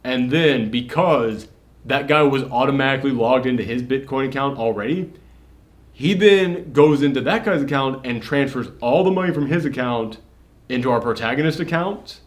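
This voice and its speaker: Male film reviewer, mid pitch, chatty spoiler recap, animated delivery with filler words and swearing. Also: normal speed. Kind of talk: casual spoiler review chat.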